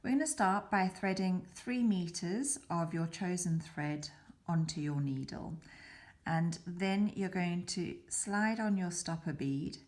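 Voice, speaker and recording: A beading tutor walks through a craft step by step, speaking slowly in a lowish, slightly mellow voice. She is patient and methodical, sometimes slipping into a whisper as she concentrates on her work.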